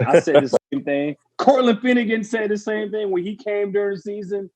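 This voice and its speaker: A former pro football player telling a story in casual chat, animated and laughing as he acts out the people in it. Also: high-pitched, brisk, few pauses. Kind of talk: casual storytelling on a panel show.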